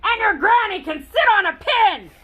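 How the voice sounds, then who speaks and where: A woman voicing a rude, cocky male pig who shouts from behind his door in a children's book reading. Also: very high-pitched, expressive, normal speed, narrow, tinny audio, voice pushed up.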